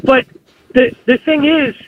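A man phoning in to a sports show in a high voice, sure of his team. The line is tinny, with a faint hiss underneath. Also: steady tone, a little slow. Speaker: caller. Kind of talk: phone-in chat. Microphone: telephone.

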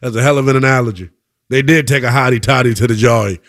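A man hosting a live sports radio show, hyping scores with swings between loud calls and low asides. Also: fast talker.

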